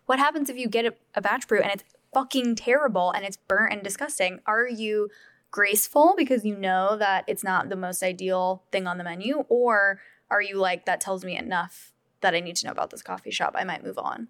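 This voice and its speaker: A woman's voice: mid-range voice, brisk, a bit bright, dry recording. A woman co-hosting a podcast, asking frank, probing questions in a casual way and cursing freely. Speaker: podcast co-host.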